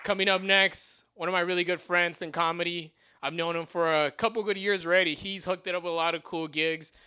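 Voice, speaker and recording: A man hosting a comedy show, hyping the crowd and shouting out the next comedian. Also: high voice, steady tone, brisk, clean tone. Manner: hyped, shouting intros. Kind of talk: introducing comedians.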